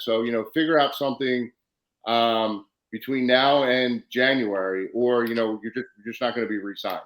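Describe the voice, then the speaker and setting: A man's voice: mid-range voice, steady tone, quick pace, roomy sound, low-quality recording. A man hosting a casual podcast interview, telling stories animatedly and acting out the exchanges he quotes. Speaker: podcast host, former wrestler.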